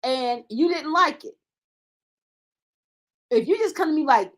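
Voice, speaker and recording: A woman's voice: high-pitched, lively intonation, a little slow, fairly bright tone. Emphatic woman talk show co-host. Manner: emphatic, keeps cutting in with "wait". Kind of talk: casual panel debate.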